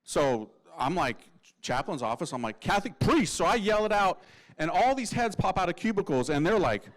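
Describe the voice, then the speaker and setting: A man who is a Catholic priest, telling a humorous testimony in a lively, slangy way and acting out the voices of people in his story. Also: a little high, moderate pace, rough recording.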